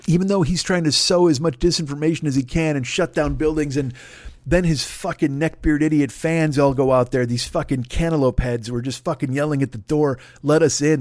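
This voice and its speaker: A man in his forties hosts his own comedy podcast, ranting solo in a profane, exasperated, animated way. His voice sits a little higher than most men's. The sound is close and dry, with no room around it. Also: dry recording. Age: 40s.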